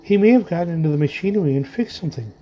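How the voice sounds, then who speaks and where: A man's voice: fairly high pitch, lively intonation, racing, close to an everyday voice. A man putting on an anxious, pressing wife. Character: uneasy, anxious wife and mother. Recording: dull lo-fi audio with faint music.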